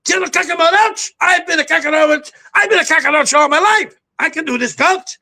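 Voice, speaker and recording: A man's voice: very high voice, fast, gravelly, bright, forceful tone, voice pushed up, exaggerated voice. A man voicing a dramatic male cockroach general with a Cuban accent, commanding and theatrical. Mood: boastful.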